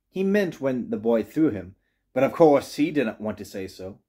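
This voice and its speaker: A man reading a children's storybook aloud with gentle, expressive narration. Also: mid-range voice, normal speed. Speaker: reader.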